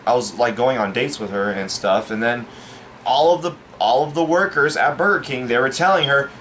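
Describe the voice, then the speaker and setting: A man telling a personal story in a casual, rambling way, halting often with fillers and restarts, sounding baffled and aggrieved. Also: medium pitch, a bit bright, slight background noise. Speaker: storyteller vlogger.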